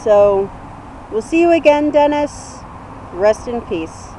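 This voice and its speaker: Slow, mellow-voiced young woman vlogging. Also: on the high side, lively intonation, slight background noise, low-quality recording. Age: 20s. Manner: rambling, earnest storytelling with fillers. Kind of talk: casual tribute vlog.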